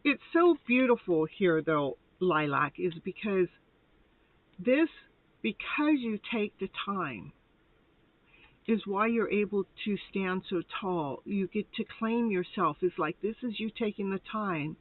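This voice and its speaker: A woman with an expressive mid-range voice speaks at a measured pace while hosting a live tarot show. She laughs often, sounds slightly breathless, and rambles in a chatty way through the casual reading, heard over a dry, tinny phone-like line.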